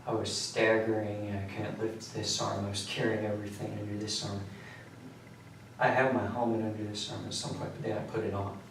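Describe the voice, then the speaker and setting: A young man in his late teens with a somewhat low voice tells his account in a halting, rambling way, sounding exhausted. He is recorded from far off in a bare, very echoey room. A faint hiss sits under the voice. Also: little pitch movement. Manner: rambling, halting, quiet recounting. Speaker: suspect under questioning. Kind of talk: recounting events in a police interview. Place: police interrogation room.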